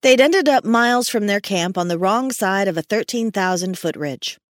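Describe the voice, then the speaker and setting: This is a woman's audiobook narration, calm and measured like a storyteller's. The sound is clean studio audio with no room sound, and her pitch is medium.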